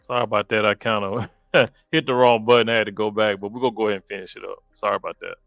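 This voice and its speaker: A man's voice: fairly low pitch, fairly even intonation, racing, vocal fry, fairly bright tone, no echo, faint music behind. A man from Dallas, hosting a casual reaction commentary with chatty, exasperated asides to viewers. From Dallas, Texas. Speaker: commentary channel host.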